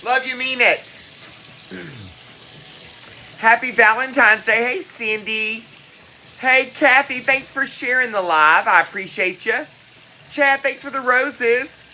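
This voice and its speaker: A woman's voice: on the high side, slow, pauses often, pushed and bright, slight background noise, poor audio. A woman hosting a cooking livestream, greeting viewers by name in a chatty, affectionate way. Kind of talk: casual live-stream chat. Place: home kitchen.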